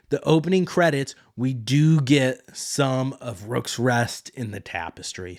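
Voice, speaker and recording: A man hosting a podcast, giving a loose, rambling recap of a TV episode and paraphrasing the characters as he goes. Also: mid-range voice. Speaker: podcast host.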